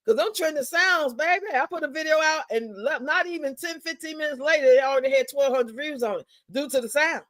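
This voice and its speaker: A woman's voice: high-pitched, a little fast, hardly any pauses, a bit bright, no room sound. A woman hosting a live stream, chatting casually in a blunt, profane, drawling way.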